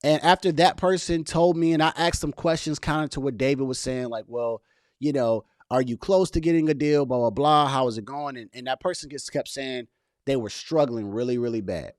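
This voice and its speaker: Passionate and full of slang, a man talks directly to viewers of his casual commentary video about building a business without quitting his job, reacting to a podcast clip along the way. His medium-pitched voice moves a little fast, recorded in clean studio sound with no room sound.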